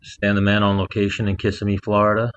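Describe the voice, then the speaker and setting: Lo-fi, low-voiced man telling a wild story. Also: quick pace. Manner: animated storyteller, acts out quotes loudly. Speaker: podcast co-host. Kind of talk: casual storytelling chat. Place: rented house, remote call.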